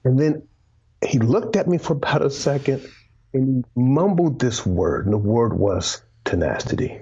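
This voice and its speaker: A man's voice: medium pitch, expressive, normal speed, dark tone, husky. A man telling a motivational story as a guest, emphatic, repeating words and dropping to a near whisper for emphasis. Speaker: guest, former pro football player and author. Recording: dull lo-fi sound.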